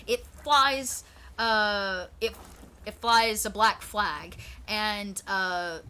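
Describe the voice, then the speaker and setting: A woman's voice: mid-range voice, drawn-out words, sharp tone, clear, resonant tone. A woman narrating as game master of a tabletop pirate game, chatty, with many fillers. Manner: chatty, lots of fillers and restarts.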